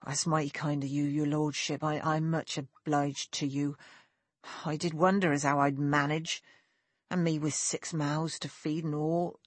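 A woman voicing a humble, grateful male tenant farmer who talks slowly in plain country speech, in an audiobook. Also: sits low, level tone, dry recording. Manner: slow, plain country talk. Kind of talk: audiobook character voice.

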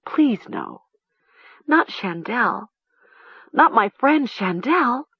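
A woman voicing a frightened teenage girl who speaks in a hushed, pleading way. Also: mid-range voice, big pitch swings, normal speed, slightly rough, no echo, highs cut off, pitched above the performer's own voice. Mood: uneasy.

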